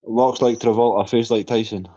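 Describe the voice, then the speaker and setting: A man's voice: medium pitch, steady tone, moderate pace, warm tone. A man throwing teasing wisecracks on a livestream panel. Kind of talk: casual banter on a livestream. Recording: dull lo-fi stream audio.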